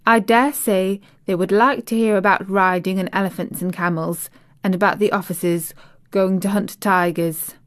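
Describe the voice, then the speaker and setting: A woman voicing a blunt, prim young English girl with a sharp manner. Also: mid-range voice, steady tone, normal speed, close to an everyday voice.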